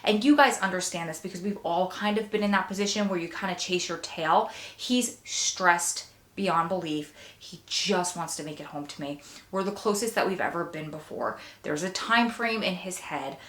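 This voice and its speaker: A woman's voice: lowish voice, moderate pace, a bit bright. Emotional woman vlogging in a roomy space. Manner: emotional, heartfelt, earnest. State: close to tears. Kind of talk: casual vlog to camera. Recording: roomy echo.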